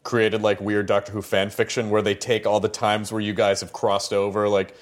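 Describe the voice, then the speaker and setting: A man's voice: lowish voice, little pitch movement, normal speed. A man hosting a talk show interview, playful and teasing, cracking jokes as he reads out viewers' questions. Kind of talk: joking interview chat.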